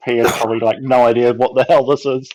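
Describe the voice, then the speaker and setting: A man's voice: medium pitch, no echo, rough recording. A man playing in a tabletop game, talking casually about his character. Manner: relaxed, laughs, slow. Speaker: player.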